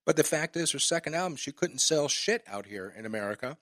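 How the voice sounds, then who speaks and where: A man's voice: a little high, animated, a little fast, a bit bright, no echo. A man hosting a podcast, ranting with passion and swearing in a casual interview chat. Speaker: podcast host.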